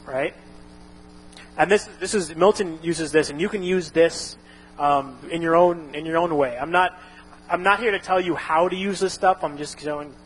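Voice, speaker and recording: A man's voice: fairly high pitch, a little hiss or hum, poor audio. A man casually explaining a topic, rambling with frequent restarts and fillers. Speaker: instructor.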